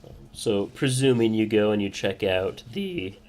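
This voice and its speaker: Male game master, low, relaxed and halting narration over light background noise. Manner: loose, hesitant with many fillers.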